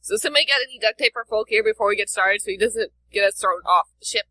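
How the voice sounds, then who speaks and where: A woman playing in a tabletop game, joking quickly with her group. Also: medium pitch, pushed and bright, no echo, poor audio. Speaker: player. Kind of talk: casual chat among players.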